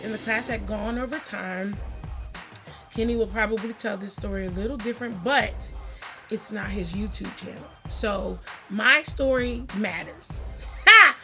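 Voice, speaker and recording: A middle-aged woman telling stories in a chatty, animated way as she introduces her family on her vlog. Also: mid-range voice, gravelly. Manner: animated, chatty, acts out quotes. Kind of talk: casual storytelling vlog.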